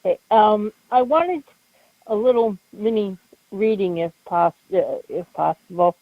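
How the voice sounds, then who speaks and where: A woman's voice: mid-range voice, no room sound. Hesitant female caller, dull line. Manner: hesitant, halting.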